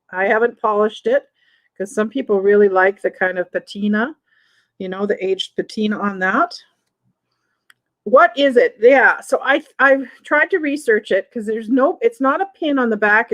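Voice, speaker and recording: A woman with a Southern American accent and a medium-pitched voice runs a live online vintage sale, chatting away and reading viewer comments aloud between item descriptions. The recording is rough.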